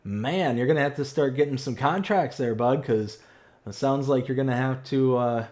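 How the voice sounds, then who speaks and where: A man in his thirties streaming a farming game live, chatting excitably and reading viewer messages aloud. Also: mid-range voice, normal speed. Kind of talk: live stream chat while playing.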